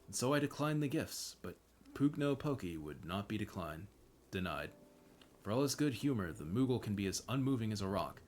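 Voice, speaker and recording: A man's voice: on the low side, natural voice. A man reading the lines of a remorseful older male bard in formal, old-fashioned speech. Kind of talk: reading game dialogue aloud.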